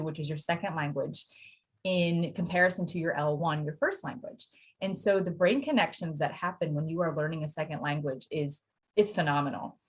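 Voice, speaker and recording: A woman from Pennsylvania, a Spanish teacher, chatting as a podcast guest and telling lively stories with quoted voices. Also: on the low side. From Pennsylvania, USA. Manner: animated storytelling with acted quotes and laughter. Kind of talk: casual interview chat.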